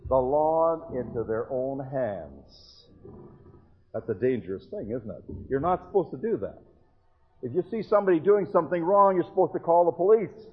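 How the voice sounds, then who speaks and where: A man's voice: medium pitch, breathy edge, narrow, tinny audio. A man preaching an evangelistic sermon, earnestly telling stories and retelling dialogue to warn young listeners. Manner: earnest storytelling with retold dialogue.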